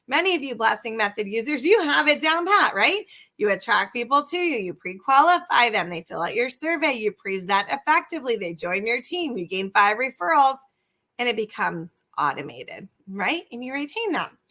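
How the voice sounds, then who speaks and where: Casting: middle-aged woman, sales coach, high bright voice, peppers the listener with questions. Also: moderate pace. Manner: animated, asks the viewers many direct questions. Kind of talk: live video coaching talk.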